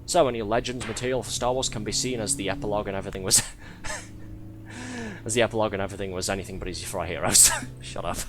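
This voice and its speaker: A man's voice: on the low side, fairly even intonation, racing, few pauses, over music. A man giving live gameplay commentary as a streamer, wry and sarcastic, laughing often at his own game.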